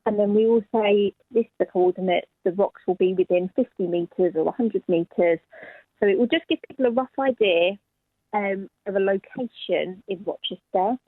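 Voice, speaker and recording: A woman's voice: medium pitch, normal speed, no room sound. Mother calling in, practical and chatty, phone-line sound, dry. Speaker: mother of the guest. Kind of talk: phone-in interview.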